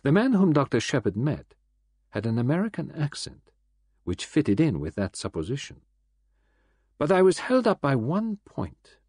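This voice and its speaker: A man voicing a fussy, self-important male detective who speaks gravely and sternly, read for an audiobook. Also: on the high side, huge pitch swings, normal speed, a little mellow, dry recording, studio quality, pitched above the performer's own voice, full character voice. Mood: lecturing.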